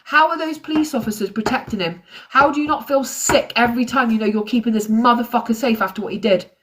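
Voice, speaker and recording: A woman's voice: a little high, quick pace. A woman hosting a true crime livestream, talking in an angry, ranting way. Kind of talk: live-stream commentary.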